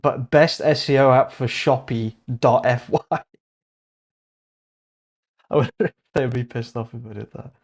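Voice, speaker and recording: A young man hosting a casual livestream, thinking aloud as he browses, excitable, laughing often and muttering asides to himself. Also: medium pitch, a little slow, pauses often. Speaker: host.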